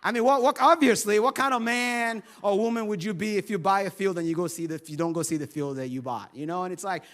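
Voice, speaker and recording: A man's voice: high-pitched, fast, fairly bright tone. A male pastor preaching a sermon in a humorous, conversational storytelling way.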